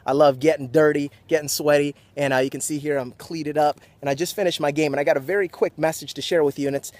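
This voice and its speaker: Fired-up young man with a high voice. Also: fast, no room sound. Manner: energetic, pumped up, preachy. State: just off a sports game. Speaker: motivational vlogger. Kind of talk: motivational talk to camera.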